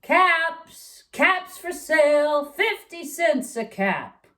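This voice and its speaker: A woman voicing an angry male cap peddler who shouts and scolds in a storybook reading. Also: high-pitched, sing-song, extremely slow, recorded from a distance, voice pushed up, full character voice. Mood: calling out. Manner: shouting, finger-shaking scolding. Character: grumpy male cap peddler, easily angered.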